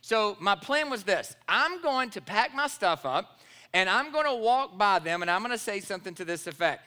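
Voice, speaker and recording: A man's voice: sits high, expressive, normal speed, sharp tone, clear, resonant tone. A man, a pastor preaching a sermon and telling a personal story, acting out the dialogue with animation.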